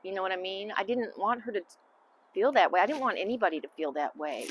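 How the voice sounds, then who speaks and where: A middle-aged woman, answering interview questions as a mother in a candid, halting, emotional way. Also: medium pitch, lively intonation, a little hiss or hum. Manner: candid, halting, emotional, trailing off into soft asides. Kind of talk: casual family interview.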